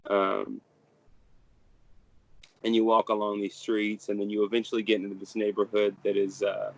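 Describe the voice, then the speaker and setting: A man's voice: lowish voice, monotone, normal speed, vocal fry, dry recording, highs cut off. A young adult man narrating a tabletop game as game master, in a casual, rambling way full of fillers.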